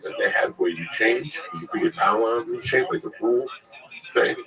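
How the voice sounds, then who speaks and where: A male comedian telling crude, animated stories in casual chat, acting out the people in them. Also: mid-range voice, moderate pace, gravelly, crowd noise, low-quality recording.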